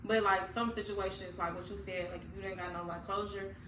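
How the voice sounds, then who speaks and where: A woman co-hosting a podcast in casual, candid chat, laughing often and getting loud when excited. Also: medium pitch, fairly quick. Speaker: podcast co-host. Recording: echoey room, mic far off, noisy.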